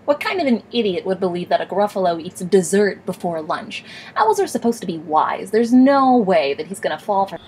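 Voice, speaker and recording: A woman's voice: mid-range voice, moderate pace, a little hiss or hum. A young woman hosting a comedic storybook reading, mixing narration with sarcastic asides. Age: young adult. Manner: playful, sarcastic, animated asides. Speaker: host and reader. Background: background music.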